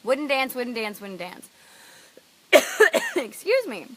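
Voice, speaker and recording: A woman's voice: high-pitched, huge pitch swings, takes it slowly. A middle-aged woman coach telling a personal story with emotional, emphatic earnestness and frank swearing. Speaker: life coach.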